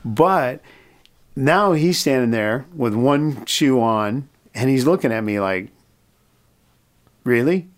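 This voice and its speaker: A man's voice: mid-range voice, animated, takes it slowly. A middle-aged American man, a mission leader, telling a personal story in an interview and acting out the dialogue. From United States. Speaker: mission president, guest.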